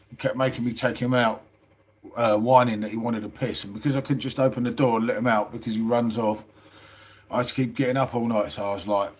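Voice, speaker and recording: A middle-aged man talks casually on a live stream, answering viewer comments in a relaxed, rambling way. His voice sits at an ordinary pitch and he keeps dropping in "mate". He sounds a little tired. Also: husky. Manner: chatty, says "mate" often, reads out viewer comments. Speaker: livestream host.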